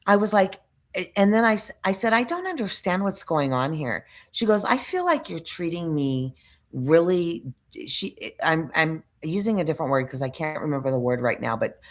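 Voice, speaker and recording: A woman's voice: deep voice, very animated, moderate pace. A woman vlogger telling a story in a casual, rambling way, frustrated, restarting sentences and searching for words. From United States.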